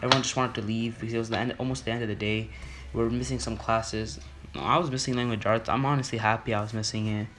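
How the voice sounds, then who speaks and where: A man's voice: lowish voice, fairly even intonation, fast talker. A young man telling a story about his school in a casual, rambling way, full of fillers and restarts.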